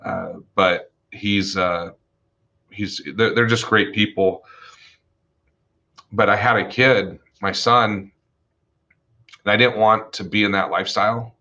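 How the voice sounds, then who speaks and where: A man talks casually about his early days as an attorney, his voice fairly low with a bright, pushing edge. He tells stories in a lively way, swears without hesitation and acts out the people in his stories. The recording sounds a little dull and lo-fi. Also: slow, long pauses. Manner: animated, profane, acts out the people he quotes. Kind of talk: casual storytelling chat.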